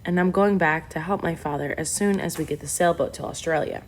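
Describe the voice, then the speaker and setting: A woman's voice: sits low, a little fast, a little hiss or hum. A woman voicing an earnest teenage boy. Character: teenage boy, helpful and knowledgeable.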